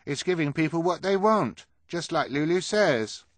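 A man's voice: a little high, animated, moderate pace, no room sound, pitched above the performer's own voice, close to an everyday voice. A man voicing a rude, pushy carnival worker who talks in a blunt, demanding way in a storybook reading.

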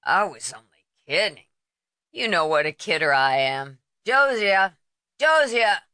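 A woman voicing a drunken, belligerent man who bellows and shouts. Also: lowish voice, big pitch swings, measured pace, clear, resonant tone, no room sound, exaggerated voice.

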